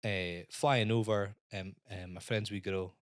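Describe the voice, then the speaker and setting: A man's voice: lowish voice, fairly even intonation, unhurried, no room sound, clean studio sound. A man with a Scottish accent, co-hosting a podcast and telling a long holiday story in casual chat, swearing and acting out other people's voices. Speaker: podcast co-host.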